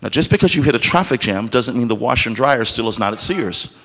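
A man preaching a sermon in church. His delivery is emphatic and often swells into shouted exclamations, and he acts out the voices of the people in his stories. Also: mid-range voice, expressive, fast. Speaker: pastor.

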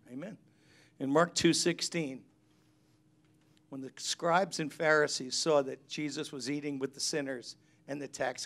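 A man's voice: mid-range voice, creaky, fairly bright tone. A middle-aged pastor, preaching a chatty sermon and acting out the people he quotes. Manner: chatty storytelling, acts out quotes.

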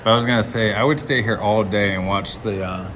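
A man's voice: fairly low pitch, steady tone, brisk, fairly bright tone. A man rambling and joking to his viewers as he walks through a large hotel on a live stream, filmed on a handheld phone. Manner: chatty, rambling, jokey, talking to viewers. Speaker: livestreamer exploring a hotel. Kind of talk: live-stream walking commentary.

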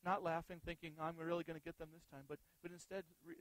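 High-voiced pastor preaching earnestly. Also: male voice, level tone, fast talker, no room sound, low-quality recording. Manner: earnest, asks the congregation rhetorical questions. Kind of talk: sermon.

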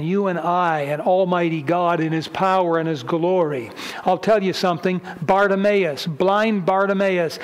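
A man preaching a sermon as pastor, fervent and swelling in volume at the high points. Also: rough recording.

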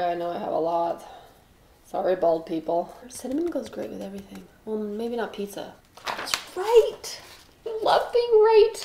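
Deadpan woman rambling in an echoey kitchen. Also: medium pitch, vocal fry. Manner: offbeat, jokey asides, mock voices for quoted people. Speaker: comedic baking host. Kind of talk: rambling deadpan comedy monologue while baking. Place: home kitchen. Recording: echoey kitchen with faint noise.

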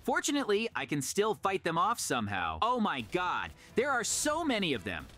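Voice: medium pitch, wildly swooping pitch, moderate pace, pushed and bright, faint music behind. A performer voicing a young cartoon hero who talks to viewers and exclaims dramatically. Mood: urgent. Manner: dramatic narration, exclaims often. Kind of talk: cartoon voice acting.

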